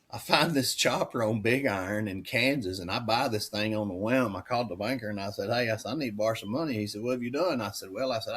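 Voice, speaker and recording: A man's voice: fairly bright tone, husky. A middle-aged man, a dairy farmer telling stories in casual chat, rambling and folksy. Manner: folksy, rambling, acts out quoted dialogue with rising pitch. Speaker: dairy farmer and auctioneer, podcast guest.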